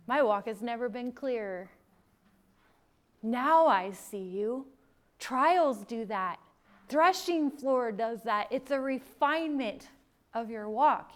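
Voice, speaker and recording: A middle-aged woman with a voice that sits high teaches a Bible sermon. She's emphatic, swinging between loud declarations and hushed lines.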